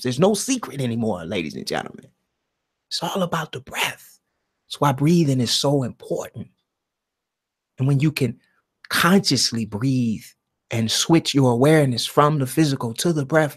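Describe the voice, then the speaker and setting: A man hosting a live stream alone, talking in a slow, meditative monologue that swings from loud emphasis down to a near-whisper. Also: mid-range voice, big pitch swings. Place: alone at home.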